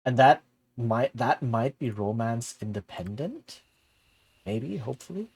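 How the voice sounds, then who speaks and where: A man's voice: mid-range voice, lively intonation, measured pace, darkish tone, slightly rough. Rambling young male game streamer. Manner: rambling, self-deprecating, laughs easily. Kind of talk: casual gameplay commentary.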